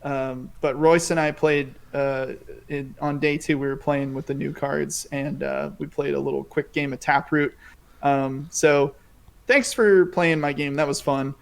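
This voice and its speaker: A man with a slightly high voice co-hosts a casual gaming podcast. He tells stories loosely, full of "uh" and "like", and often breaks into laughter. He sounds relaxed and chatty on a podcast mic. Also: unhurried, gravelly. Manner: laughing storyteller, many fillers. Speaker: podcast co-host. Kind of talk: casual chat.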